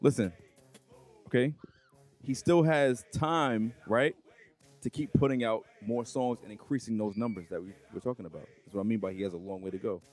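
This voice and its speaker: A man's voice: lowish voice, normal speed, darkish tone, faint music behind. A man in casual chat, insisting on his point and repeating himself to get heard.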